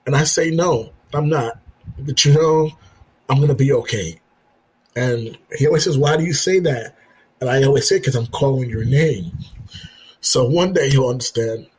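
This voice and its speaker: A man, a military veteran and father, telling his story as a podcast guest in an earnest, halting way, repeating himself and acting out the dialogue. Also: mid-range voice, breathy edge, low-quality recording. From United States. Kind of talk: personal storytelling in an interview.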